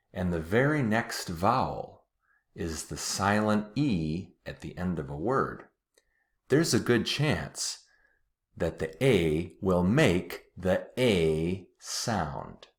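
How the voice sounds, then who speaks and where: A man teaching English pronunciation, patiently repeating words slowly and clearly. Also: low-pitched, big pitch swings. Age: adult, watched TV as a kid in the 80s-90s. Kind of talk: slow, deliberate pronunciation lesson.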